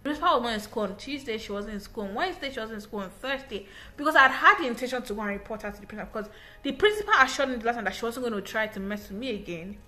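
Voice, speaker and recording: Speaking very fast in a slightly high voice, a young woman who teaches English recounts something that happened to her. Her delivery is relaxed yet lively and forceful, with frequent false starts.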